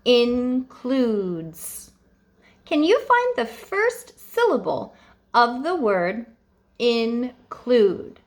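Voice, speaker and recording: Lively sing-song woman teaching first grade. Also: on the high side. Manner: slow, encouraging, sing-song teacher talk. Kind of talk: remote phonics lesson for young children.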